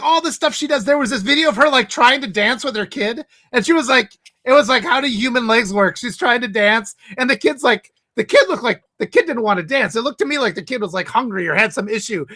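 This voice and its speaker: A woman with a high, bright, sharp-edged voice chats casually as co-host. She rambles animatedly and breaks into laughter often. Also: fairly quick. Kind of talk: casual chat.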